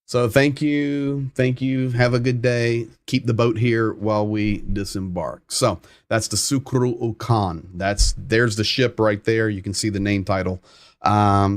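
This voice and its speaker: A man's voice: fairly low pitch, dry recording, studio quality. A man hosting a live war update stream, translating clips and stressing points by repeating himself. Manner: emphatic, repeats phrases for stress.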